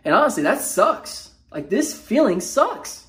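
This man, a mental health motivational speaker, vlogs without a script while in a low mood. His voice has big pitch swings and a fairly bright tone, and his speech is halting, raw and emotional, packed with slangy fillers and restarts.

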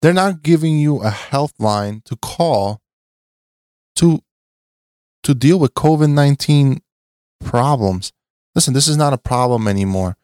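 A man's voice: mid-range voice, expressive, measured pace, pauses often, darkish tone, no room sound, studio quality. Impassioned man repeating "listen". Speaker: podcast guest. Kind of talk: casual podcast chat.

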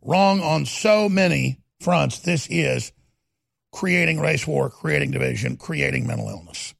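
A man hosting a talk radio show, delivering a heated, ranting monologue that swings between loud and quiet. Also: a little high, a little slow, vocal fry, dry recording, studio quality.

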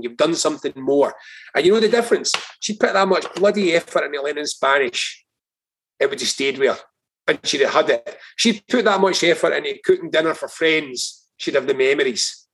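A Scottish man speaks as a podcast guest in a husky voice that sits a little high for a man. He tells his anecdotes with animated emphasis and drops the odd swear word. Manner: animated, emphatic storyteller who swears freely. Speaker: guest, political strategist. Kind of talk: casual podcast conversation, storytelling.

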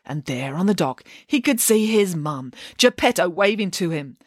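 A woman reading a children's storybook aloud, with expressive, animated narration. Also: on the low side, moderate pace, no room sound, clean studio sound.

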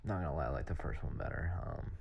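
A young man hosting a podcast, rambling and halting with lots of fillers. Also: rumbling low, lively intonation, vocal fry, a little mellow, slightly rough. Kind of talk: casual monologue answering questions. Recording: dull lo-fi sound.

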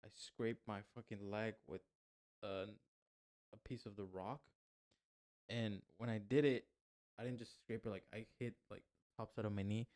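A man's voice: on the low side, steady tone, normal speed, pauses often, darkish tone. Male podcast co-host, protests his innocence, casual and profane. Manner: defensive, swearing, laughing. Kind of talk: casual storytelling chat.

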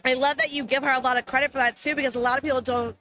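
Effusive woman streamer host, high and sharp voice, swears freely, gets choked up easily. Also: fairly even intonation, very fast, slight background noise. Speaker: host of a livestreamed talk show. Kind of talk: casual live-stream chat. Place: gaming convention floor.

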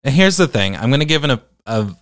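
A man hosting a commentary podcast, talking in an animated, incredulous way. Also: mid-range voice, fast, no room sound, clean studio sound. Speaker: podcast host.

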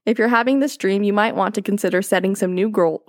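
A woman's voice: medium pitch, quick pace, no room sound. A young woman co-hosts a casual podcast, reading from her notes in a mid-range voice. She keeps slipping into fits of giggles. The sound is dry and close. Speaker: podcast co-host.

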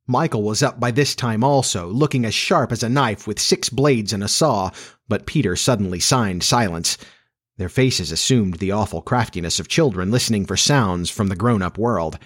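A man reading a classic children's story aloud as narrator, measured and expressive. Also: on the low side.

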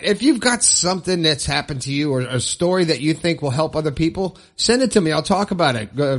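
A middle-aged man hosts a solo motivational podcast, his voice fairly high in pitch with a fairly bright tone. He's upbeat and tends to ramble, often repeating phrases to drive a point home.

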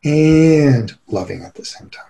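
A middle-aged man appears as a guest expert on relationships in a conversational interview. His voice is warm and mellow with a gravelly fry, pitched a little higher than most men's, and he comes across as earnest, animated and quick to laugh.

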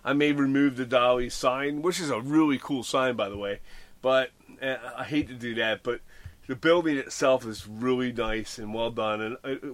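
A man's voice: medium pitch, a bit bright, no room sound. A man in casual chat, rambling and self-deprecating, with plenty of fillers. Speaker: model railroad hobbyist podcast host.

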